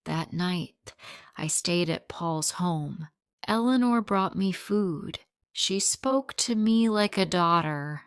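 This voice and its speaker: Slow, smooth-voiced woman narrating. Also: lowish voice, no room sound, studio quality. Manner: simple short sentences, steady and plain. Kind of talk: slow scripted audiobook narration for English learners.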